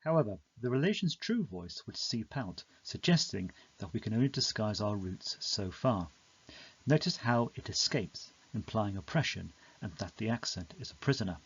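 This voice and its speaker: Male narrator for a study video, measured and explanatory, slightly dull lo-fi sound. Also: fairly low pitch, expressive, husky. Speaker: teacher explaining a poem. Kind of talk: scripted educational narration.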